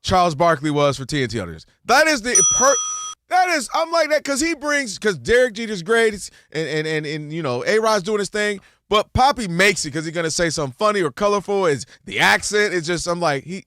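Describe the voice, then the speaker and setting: A man's voice: high voice, a little fast, sharp tone, dry recording, studio quality. A man co-hosting a sports talk radio show, chatting casually and joking around.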